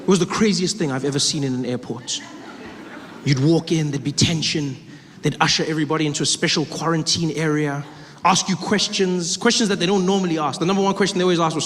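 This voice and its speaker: On a theater stage before a live audience, a South African man performs stand-up, animated and quick to act out other voices with big pitch jumps. The recording carries large hall reverb and audience noise.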